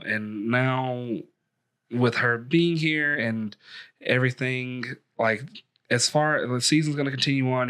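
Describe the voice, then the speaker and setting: A man with a bright, forceful, tense tone explains things in a relaxed fan chat. His sentences wander, with many likes as he works out what to say. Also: medium pitch. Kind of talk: casual fan discussion.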